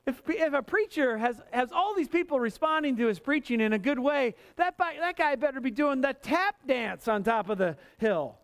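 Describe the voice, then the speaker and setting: A male preacher gives a lively, conversational sermon at a normal speed with few pauses. He repeatedly asks the congregation for amens and acts out complaints in a higher, strained voice.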